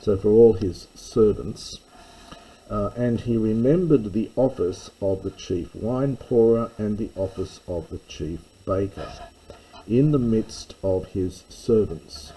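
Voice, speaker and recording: A man's voice: lowish voice, slow, warm tone, slight background noise, low-quality recording. A man teaching a verse-by-verse lesson on Greek scripture, thinking aloud with fillers and self-corrections. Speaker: Bible teacher.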